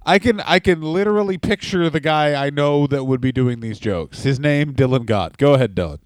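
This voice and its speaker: A man, a stand-up comedian co-hosting a podcast, trading deadpan, profane jokes in casual chat. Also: fairly high pitch, fairly quick, no echo.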